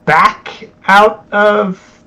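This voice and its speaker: Tabletop player over video call, slow and hesitant, wry, mid pitch. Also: fairly even intonation, sharp tone, rough recording. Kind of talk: casual tabletop game play.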